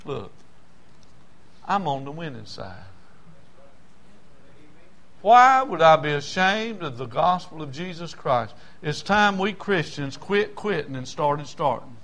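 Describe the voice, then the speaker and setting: An older man preaching a sermon, passionate, dropping from hushed storytelling to shouting. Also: a little high, sing-song, takes it slowly, long pauses. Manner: impassioned, swings from hushed to shouting.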